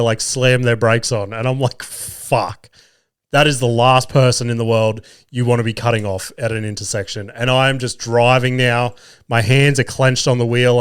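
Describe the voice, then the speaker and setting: A young man spins a swear-heavy story on his podcast, jumping into mock voices of the people he met. His voice sits at an ordinary middle pitch and comes through smooth and clear. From Australia. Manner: profane, animated, mocking impressions of others. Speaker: podcast host. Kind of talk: casual storytelling monologue.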